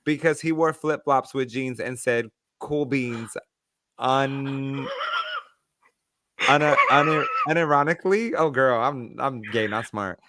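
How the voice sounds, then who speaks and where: A man co-hosting a casual podcast, telling stories with lively quoted voices. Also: mid-range voice, takes it slowly. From Mexican-American. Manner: animated storyteller, acts out quoted voices. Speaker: podcast co-host. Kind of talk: casual chat.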